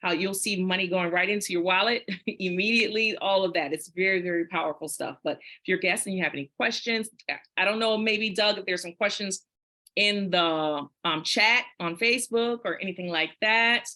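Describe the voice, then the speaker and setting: A middle-aged woman with a bright, forceful voice, co-presenting on a group call. She speaks with eager enthusiasm and effusive praise. Her pitch sits in the middle for a woman. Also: moderate pace. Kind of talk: casual call chat.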